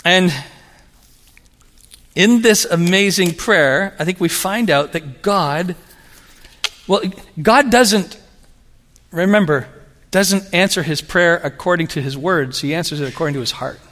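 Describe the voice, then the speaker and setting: A man preaching a sermon, telling stories in an animated, humorous way. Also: high-pitched, unhurried, pauses often. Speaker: pastor. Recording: long reverb of a large hall.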